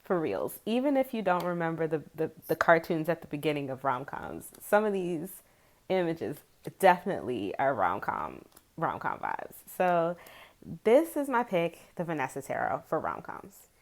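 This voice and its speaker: A woman's voice: deep voice, huge pitch swings, normal speed. A woman in her forties, chatting casually to camera as a tarot video creator, rambling and chatty, with frequent giggles.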